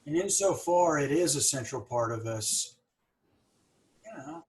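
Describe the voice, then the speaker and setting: A man's voice: mid-range voice, fairly bright tone, poor audio. A man hosting an interview podcast, speaking reflectively with many fillers and occasional stuttered blocks. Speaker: podcast host. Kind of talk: casual interview conversation.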